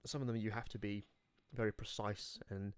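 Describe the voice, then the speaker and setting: A young man chats on a podcast, swearing freely and telling stories with animation. His voice sits low. The sound is close and dry, with no room around it. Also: little pitch movement, moderate pace, clean tone, no room sound. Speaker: podcast host. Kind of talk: casual chat.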